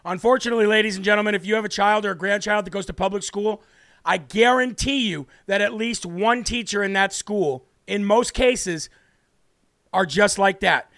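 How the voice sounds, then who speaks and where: A man's voice: sits high, moderate pace, fairly bright tone, dry recording, clean studio sound. A man with an American accent hosting a political talk show, talking in a brash, indignant way that repeats words for emphasis.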